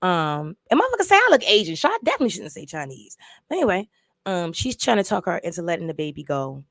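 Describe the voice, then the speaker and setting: A woman's voice: on the low side, sing-song, quick pace, gravelly, fairly bright tone, no room sound, clean studio sound. A woman casually recapping and reviewing a movie, telling the story in an emphatic, profane way with lots of repeats.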